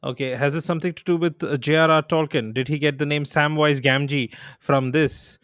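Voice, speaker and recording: Male podcast co-host, slightly higher voice, playful guessing, dry close mic. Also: steady tone, brisk, a bit bright, smooth, no echo. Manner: playful, thinks aloud. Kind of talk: casual quiz chat.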